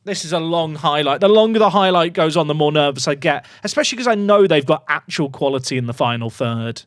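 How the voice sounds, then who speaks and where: Animated man calling a football game. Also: fairly high pitch, fast talker, no echo, clean studio sound. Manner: animated, swings from muttering to excited shouts. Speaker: gaming streamer. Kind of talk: live game commentary to chat.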